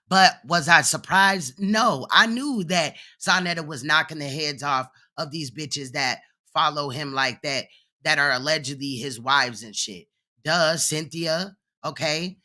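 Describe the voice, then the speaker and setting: Man, reaction commentary host, blunt, profane, mocking, very bright tense voice, slightly high. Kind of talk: reaction commentary on a played clip.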